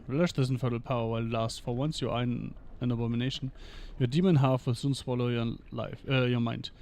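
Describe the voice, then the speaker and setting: A man streaming a video game, reading in-game lore texts aloud in an even manner and dropping dry short asides between passages. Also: mid-range voice.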